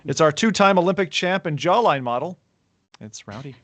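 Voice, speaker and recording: A man's voice: on the high side, animated, normal speed, no room sound. Playful man hosting a podcast. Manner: joking, playful introductions. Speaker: podcast host. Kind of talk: casual podcast chat. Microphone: remote call setup.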